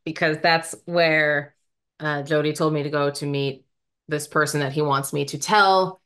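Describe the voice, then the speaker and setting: An American woman talks through a film's plot in loose, animated podcast chat. Her voice sits a little low but sounds bright and forward. She laughs easily and slips into the characters' lines as she retells them. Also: measured pace. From United States. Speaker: podcast co-host. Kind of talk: casual movie review chat.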